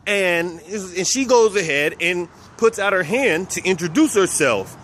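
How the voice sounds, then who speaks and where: A man's voice: high-pitched, expressive, measured pace, fairly bright tone. A man from South Texas casually telling personal stories, speaking of himself as "we" and chuckling now and then. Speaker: vlogger.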